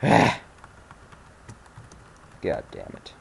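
A man's voice: lowish voice, expressive, moderate pace, darkish tone. A young man commentating a video game he is playing, irritable and frustrated, grumbling and swearing as he plays. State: angry, frustrated. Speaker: let's play commentator. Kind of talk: casual gameplay commentary.

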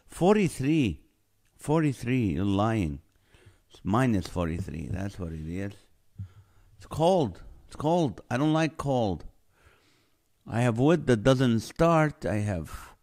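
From his home in California, a man with a fairly low, darkish voice hosts a casual livestream. He greets viewers by name and jokes around while reading their comments.

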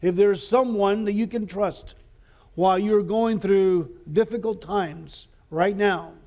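A man's voice: high-pitched, unhurried, warm tone, dull audio. A man preaching a sermon as pastor in a school chapel, speaking earnestly with frequent filler sounds.

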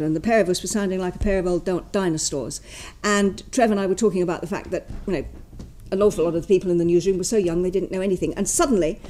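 A woman in her sixties giving a university lecture, emphatic and opinionated, slowing down to stress her key points. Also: medium pitch, mellow. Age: 60s. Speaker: guest lecturer.

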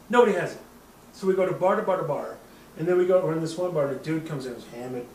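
A man's voice: on the high side, quick pace, a little mellow, echoey room, distant mic, a little hiss or hum, low-quality recording. A man in his thirties hosting a podcast, telling a rambling, profane drinking story and laughing at himself. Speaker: podcast host. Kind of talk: casual storytelling.

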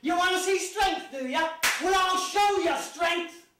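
A male storyteller voicing a boastful, swaggering Man in an animal fable, bragging about his strength in a raised, high voice. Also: animated, normal speed, background noise. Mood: defiant. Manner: brash, challenging, high-pitched bragging. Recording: echoey live venue, distant mic.

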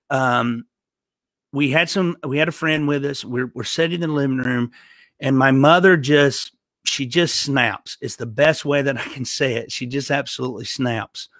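A man telling a personal faith story in an earnest, halting way, often restarting his sentences. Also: mid-range voice, a bit bright, dry recording. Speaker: podcast host telling a personal testimony. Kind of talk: emotional storytelling testimony.

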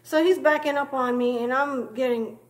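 A woman's voice: high-pitched, fairly even intonation, normal speed. A young woman vlogger telling a story in a rambling, casual way, tossing in "you know" constantly and calling people names.

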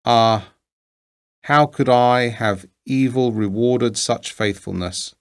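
A man voicing a grieving, remorseful king in a storybook reading, with slow, formal old-fashioned speech. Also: mid-range voice. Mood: sorrowful.

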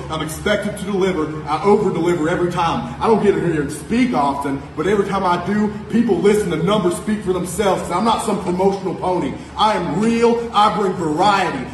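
Guy doing a trash-talk wrestling promo, kinda high voice, echoey room, some hiss. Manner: taunting, building to shouts, profane. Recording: echoey room, faint noise.

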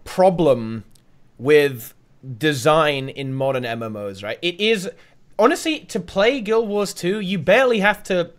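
A man's voice: fairly high pitch, unhurried. A man co-hosting a casual gaming podcast, thoughtful and talking ideas through. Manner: thoughtful, talks things through. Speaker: podcast co-host.

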